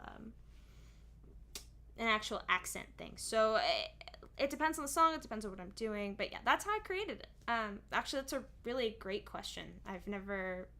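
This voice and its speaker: A woman's voice: medium pitch, fairly bright tone. A young woman, a singer and streamer, chatting casually on stream and explaining at length with many asides.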